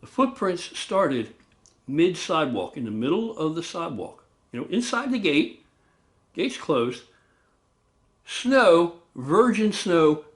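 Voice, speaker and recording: A man telling a spooky true story in a relaxed, casual way, his voice a touch high and swinging widely up and down. He acts out pounding sounds with loud booms and drops a curse word here and there. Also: slow pace. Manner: animated, loud booming sound effects, swears.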